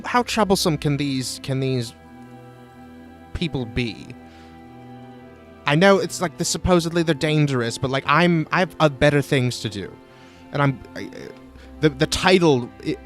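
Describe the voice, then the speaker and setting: A man's voice: fairly high pitch, animated, moderate pace, faint music behind, voice pushed up, close to an everyday voice. A man voicing an irritable, impatient woman commander who complains and swears. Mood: irritated.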